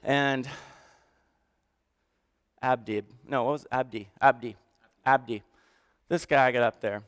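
A man's voice: mid-range voice, steady tone, takes it slowly, a bit bright. A man speaking as a pastor to his church in a conversational sermon, moving from joking asides to earnest, emotional storytelling.

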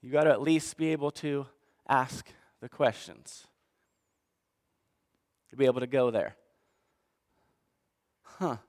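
A man preaching a sermon, swinging between hushed asides and fired-up outbursts. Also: mid-range voice, takes it slowly, pauses often, long reverb tail. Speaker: pastor.

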